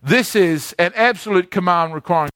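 A man preaches a sermon with a high voice, talking with his congregation and putting questions to them. The sound is dry and close, with little room echo. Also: normal speed, fairly bright tone. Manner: conversational, asks the congregation questions. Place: church in the Philippines.

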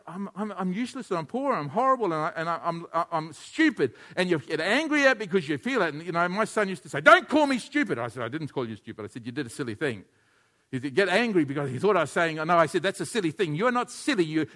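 Male pastor, high bright voice, lively sermon delivery that gets the congregation repeating lines after him. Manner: animated, leads the congregation in call-and-response.

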